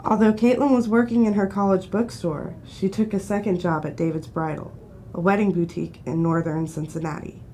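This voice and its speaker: A woman giving scripted documentary narration in a measured, even reading. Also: lowish voice, a little hiss or hum.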